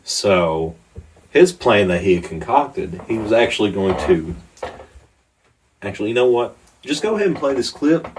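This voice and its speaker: A man with a very low voice co-hosts a podcast in loose, casual chat. He swears freely and fills his talk with "like" and "I mean". He sounds set back from the mic, with a faint hiss behind him. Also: sing-song, normal speed, recorded from a distance, poor audio. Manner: laid-back, swears a lot, many fillers. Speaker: podcast co-host.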